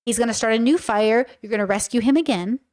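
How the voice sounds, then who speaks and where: A woman's voice: a little high, fast, a little mellow. A woman hosting a casual reaction commentary, talking bluntly and emphatically with a lot of swearing. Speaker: commentary host.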